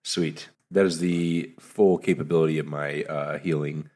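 A man's voice: extremely low pitch, fairly even intonation, a little slow, dark tone. A young man describing his character's actions in a tabletop game, easygoing and hesitant. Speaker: player. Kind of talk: casual tabletop role-play.

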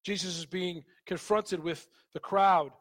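A male pastor reading scripture aloud and preaching on it, moving between steady reading and emphatic exhortation. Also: high-pitched, measured pace, long reverb tail. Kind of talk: sermon.

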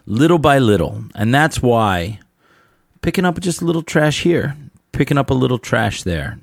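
A man's voice: mid-range voice, sing-song, normal speed, vocal fry, no room sound, clean studio sound. A middle-aged man hosting a show, rambling through stories in a casual monologue and turning blunt and heated as he preaches to fellow musicians. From Southern California. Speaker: podcast host and musician.

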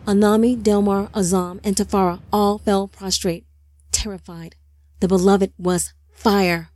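Mellow woman narrating an audiobook. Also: mid-range voice, level tone, a little slow, no echo.

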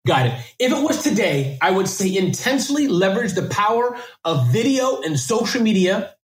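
A man talking fast and energetically as a podcast guest, full of restarts and repeated words. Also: high-pitched, sing-song, roomy sound, low-quality recording. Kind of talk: casual interview answers.

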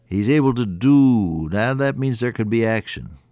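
Man preaching, earnest, quotes old-style scripture, goes soft and hushed, dry sound. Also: mid-range voice, lively intonation, normal speed, no room sound. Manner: earnest, swells up then drops to a hushed voice. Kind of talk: radio sermon.

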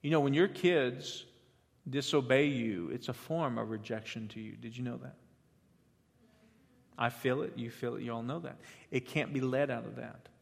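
A man's voice: medium pitch, moderate pace, vocal fry. Man preaching in an echoing hall. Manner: builds from quiet teaching to loud emphatic preaching, with repeated restarts. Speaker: pastor. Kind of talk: sermon.

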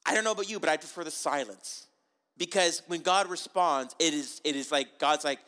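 A man's voice: on the high side, a little fast, pushed and bright. A man preaching a sermon in a conversational, joking way, full of asides and rhetorical questions.

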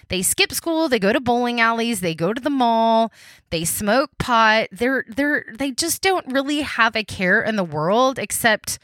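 A woman's voice: on the high side, pushed and bright, no echo, clean studio sound. A woman hosting a true crime podcast, telling the case in a chatty way with restarts and fillers, talking to her listeners as guys. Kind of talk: casual storytelling narration.

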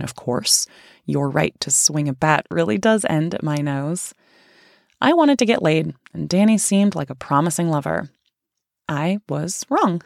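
A woman with a lowish voice reads her own memoir aloud in a candid, teasing, playful way. The recording is close and dry, with no room sound around her. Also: gravelly, a little mellow, dry recording. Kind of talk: first-person audiobook narration.

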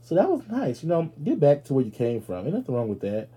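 A man hosts a podcast with a casual comedic monologue, speaking fast in a husky voice with huge pitch swings. Brash and profane, he addresses listeners directly and leaps into loud, high-pitched outbursts.

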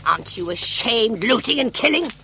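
A woman's voice: lively intonation, moderate pace, creaky, bright, forceful tone, a little hiss or hum, full character voice. An actress playing a stern old mother who scolds her bandit son in a dubbed TV series. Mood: scolding. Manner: shrill scolding.

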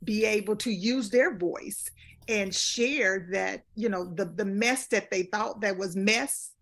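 Earnest woman in her fifties, gravelly edge. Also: medium pitch, slow pace, fairly bright tone. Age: 50s. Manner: earnest, repeats phrases for emphasis. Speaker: guest speaker and life coach. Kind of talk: casual interview talk.

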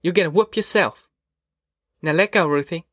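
A man voicing a weary, steadfast migrant mother who speaks quietly and firmly in a rural drawl. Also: a little high, moderate pace, no echo, studio quality, pitched above the performer's own voice. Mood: soothing, stern.

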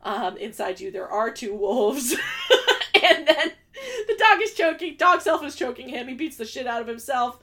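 امرأة تسرد فيلماً بحيوية، صوت مرتفع قليلاً. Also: female voice, sits high, normal speed. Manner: animated, acts out quoted lines in exaggerated voices. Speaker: podcast co-host. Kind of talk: casual movie recap chat.

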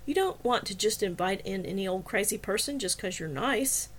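A woman's voice: medium pitch, animated, normal speed, lightly acted. Woman reading a self-assured male security officer. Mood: firm.

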